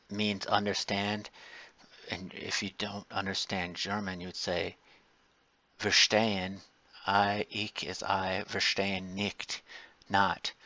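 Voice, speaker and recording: A man with a lowish voice lectures at an unhurried pace, drifting into side tangents and restarting his thoughts as he goes. The recording is dry and a little dull in tone. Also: a bit bright, no room sound. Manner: rambling, digressive, restarts often. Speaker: instructor.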